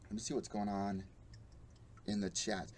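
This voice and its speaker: A man's voice: fairly low pitch, flat delivery, normal speed. A young adult man hosting a live MMA show, ranting bluntly and profanely and mocking the fighters he quotes. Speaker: podcast host. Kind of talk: live-streamed MMA commentary rant.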